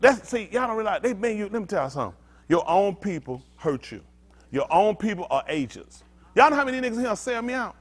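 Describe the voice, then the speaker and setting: A male pastor preaching to a congregation in a high voice that leaps up and down in pitch. He is blunt and street-talking. He swings from loud, emphatic bursts to low, muttered asides. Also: very animated, fairly quick. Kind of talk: sermon teaching with call-and-response.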